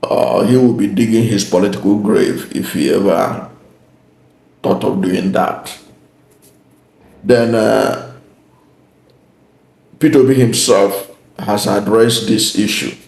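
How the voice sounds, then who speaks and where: A man hosts a political commentary, speaking deliberately and pressing his points home. His voice sits low with a gravelly edge, and the recording rings with a roomy echo. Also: steady tone, a little mellow. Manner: deliberate and emphatic, repeating key points. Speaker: channel host.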